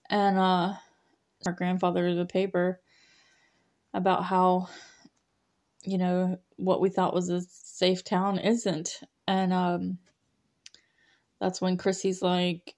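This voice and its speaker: A woman's voice: lowish voice, a little mellow. A young woman hosting a podcast, recapping a show in a rambling, casual way with many fillers and laughs. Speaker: podcast host.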